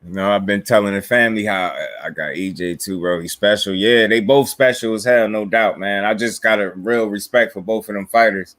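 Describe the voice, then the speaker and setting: A man's voice: fairly low pitch, fairly quick, hardly any pauses, a bit bright, dry recording. A man from New Jersey with a New Jersey accent, hosting a casual boxing live stream, laid-back and slangy, chuckling as he reads viewer comments. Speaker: boxing livestream host.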